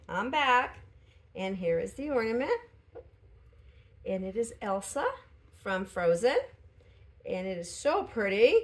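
A woman vlogger chatting casually at home while unboxing a gift, pausing and laughing softly, still recovering from an illness. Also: mid-range voice. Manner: chatty, hesitant, frequent small laughs. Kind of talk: casual chat.

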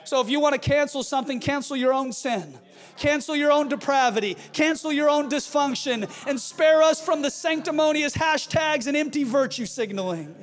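A male pastor delivering a fiery sermon with forceful, shouted refrains. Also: extremely high pitch, moderate pace.

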